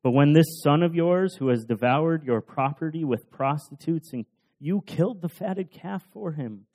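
Jealous older brother, indignant complaint, mellow male voice, as a preacher puts him on. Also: medium pitch, steady tone, moderate pace, lightly acted. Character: resentful older brother, young man, jealous.

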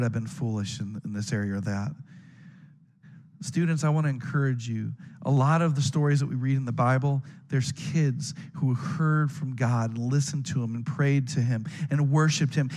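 A pastor delivers a sermon in a somewhat high male voice. He speaks earnestly to his congregation and often repeats a word as he restarts a phrase. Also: long reverb tail. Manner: earnest preaching to students and adults, frequent stammered restarts.

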